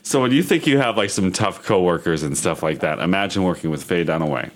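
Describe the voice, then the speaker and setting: A man's voice: sits low, lively intonation, fast. A man co-hosting a podcast, telling a celebrity story in a gossipy, casual way. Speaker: podcast co-host.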